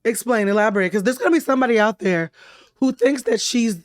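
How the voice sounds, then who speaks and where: A woman hosting a podcast, telling a dating story in casual chat, her voice hoarse from laryngitis. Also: a little high, fast, no room sound. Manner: chatty and expressive, storytelling. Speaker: podcast host. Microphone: studio mic.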